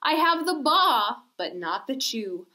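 A woman's voice: high voice, very animated, slow pace, bright, forceful tone, exaggerated voice. A woman voicing a sad little male sheep who needs to sneeze, pleading in a sing-song way during a children's storytime. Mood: plaintive.

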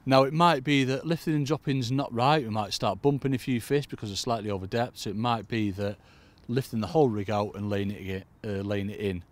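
A chatty angling coach from the United Kingdom runs through a casual fishing lesson at a cold lakeside, addressing "folks" again and again. He talks briskly in a mid-range voice with hardly any pauses.

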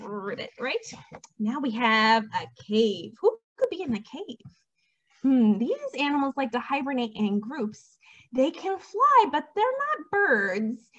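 Young female librarian, high voice, slow sing-song toddler-storytime delivery; dull lo-fi sound. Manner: animated, sing-song, talking to small children. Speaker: children's librarian.

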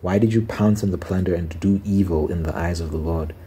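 A man reading a stern old prophet, low. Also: mellow, breathy edge. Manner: solemn, measured scripture reading. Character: stern old male prophet rebuking a king. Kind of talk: ASMR scripture reading.

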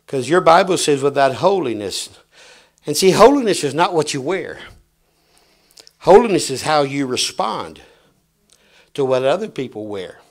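A middle-aged man preaching a sermon, telling stories and swinging from hushed lines to shouts. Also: medium pitch, very animated, normal speed, long pauses.

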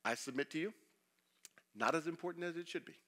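Bright-voiced preaching pastor. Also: male voice, fairly high pitch, quick pace. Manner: preaching with sweeping shifts between loud emphasis and quiet confession; asks the congregation rhetorical questions. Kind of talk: sermon.

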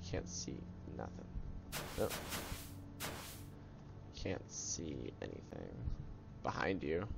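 A man commenting excitedly on his own gameplay and reading game lines aloud in voices. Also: a bass voice, slow, creaky, dull audio, background noise. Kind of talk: let's play commentary. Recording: game music playing behind.

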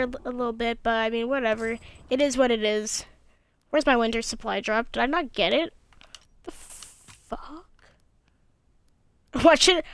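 A young woman narrates her own gameplay in a loose, worn-out way, half muttering to herself with a slight lisp. Her voice sits a little high and sounds smooth and clean through a gaming headset. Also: a bit bright. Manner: tired and cranky, mumbling asides to self. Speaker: gaming video creator. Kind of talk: casual gameplay commentary.

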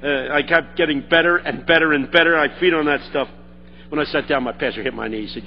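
A man preaching a sermon, telling a story and building to shouted call-and-response. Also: a little high, fairly quick, highs cut off, a little hiss or hum.

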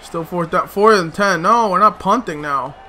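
A man's voice: high-pitched, normal speed, sharp tone, slight background noise. A man commenting on his own gameplay, muttering to himself, swearing in frustration and breaking into sudden outbursts. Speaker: let's play host.

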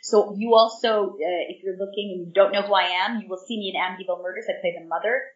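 A woman's voice: medium pitch, quick pace, distant mic. A woman in her fifties, a guest actress in an interview, bubbly and eager and rambling on at length. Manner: bubbly and eager, talks in long rambling runs. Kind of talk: casual interview chat. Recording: dull, echoey remote audio from off-mic.

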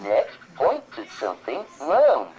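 A cheerful purple dinosaur toy calls out simple games in a slow, sing-song way. The pitch leaps and swoops all over. It is heard off a talking toy in a home video. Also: wildly swooping pitch, a little mellow. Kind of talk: recorded toy voice leading a sing-song game.

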